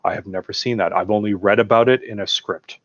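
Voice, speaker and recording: Guest, male, low-pitched, excitable fan energy, muffled dry mic sound. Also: fast, slight background noise. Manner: enthusiastic, animated retelling with acted-out quotes. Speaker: podcast guest. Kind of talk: casual film discussion.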